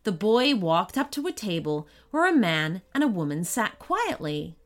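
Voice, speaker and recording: A woman reading a children's story aloud with expressive, animated narration. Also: mid-range voice, moderate pace.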